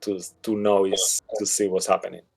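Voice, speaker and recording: A man narrating as game master in a relaxed, meandering way. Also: sits low, brisk, gravelly.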